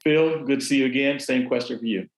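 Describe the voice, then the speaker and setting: A man with a Southern accent who hosts a panel, affable and teasing his guests. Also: mid-range voice. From Southern California. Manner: affable, teasing, quick with jokes. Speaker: panel host. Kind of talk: moderating a video panel. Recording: roomy echo.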